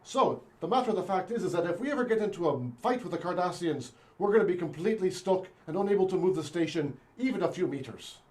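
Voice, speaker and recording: A man's voice: sits high, animated, quick pace, hardly any pauses. A man playing a fussy, chatty priest aboard a space station in an improv scene, in a mock Irish accent.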